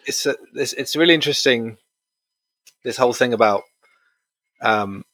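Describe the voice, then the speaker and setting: A man hosting a podcast, thoughtful and measured, pausing and hesitating as he works through his points. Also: medium pitch, fairly bright tone, no echo. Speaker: podcast host. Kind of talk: conversational podcast discussion.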